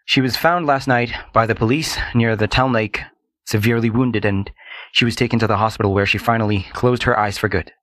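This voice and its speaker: A man's voice: lowish voice, fairly quick, fairly bright tone, no room sound, lightly acted. A man voicing a stern middle-aged male math teacher making formal, grave announcements.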